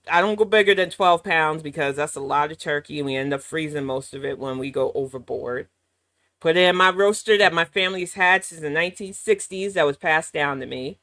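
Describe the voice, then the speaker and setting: A woman's voice: medium pitch, sharp tone, dry recording. An American woman in her thirties reacts to clips with blunt, profane sarcasm. Her voice sits in a middle register and is recorded close and dry, with no room sound around it. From United States. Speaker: commentary channel host. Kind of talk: reaction commentary.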